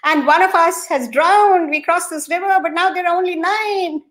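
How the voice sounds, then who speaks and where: A woman's voice: a little high, takes it slowly. A woman doing wailing, pleading travelers in a folk tale. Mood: distraught. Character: distraught group of young travelers.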